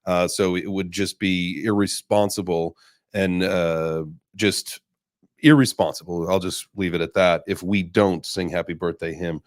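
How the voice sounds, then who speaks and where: A man's voice: low voice, measured pace, no room sound, studio quality. A man hosting a casual online chat, talking loosely with plenty of fillers and restarts. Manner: relaxed, rambling, many fillers. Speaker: host.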